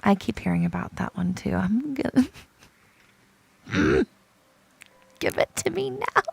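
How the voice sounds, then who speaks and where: A young woman streaming a video game, chatting to her viewers in an excitable, dramatic way, gushing over cute items and groaning at losing them. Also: mid-range voice, slow, vocal fry, husky. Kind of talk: casual gameplay chat to viewers.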